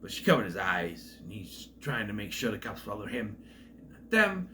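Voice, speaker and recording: A man talks through a film's plot in a casual, rambling way, stopping and restarting as he goes. His voice rises and falls a lot, and his tone is bright and forceful. There is a faint hum of noise behind him. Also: fairly low pitch, very animated, moderate pace. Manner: voices characters with loud exaggerated quotes. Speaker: film reviewer. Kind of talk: casual movie plot recap.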